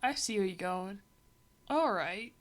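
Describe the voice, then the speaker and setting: A woman's voice: mid-range voice, lively intonation, measured pace. A woman livestreaming as she reads a comic, giving a rambling, wry running commentary full of fillers. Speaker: livestreamer reading a comic aloud.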